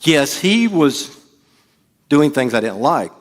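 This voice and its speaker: Slow and sing-song, with a voice on the high side, a man delivers a church sermon as pastor. He jokes around casually and acts out quotations.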